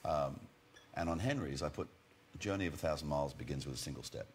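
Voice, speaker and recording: Deep-voiced man telling wry stories. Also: lively intonation, fast talker, slight background noise. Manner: wry storyteller, loose and jokey. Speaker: actor guest. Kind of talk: chat show anecdotes.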